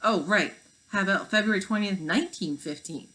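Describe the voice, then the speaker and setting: A woman voicing a wisecracking young girl, speaking in a dry, quick way. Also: mid-range voice, sharp tone, lightly acted, rough recording. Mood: wry.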